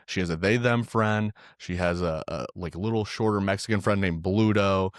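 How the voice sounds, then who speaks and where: A man's voice: low-pitched, fairly even intonation, normal speed, smooth, dry recording, studio quality. A man co-hosting a podcast, reviewing a film in casual, profane chat and saying "dude" often. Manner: loose and profane, says "dude" a lot. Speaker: podcast co-host.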